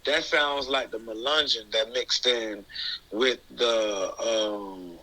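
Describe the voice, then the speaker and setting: A man in casual conversation as an interview guest. His voice is strikingly bright and edgy, and he talks at a middling pitch. He rambles, circling back and restarting his points with loose slang. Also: fairly even intonation, takes it slowly, low-quality recording.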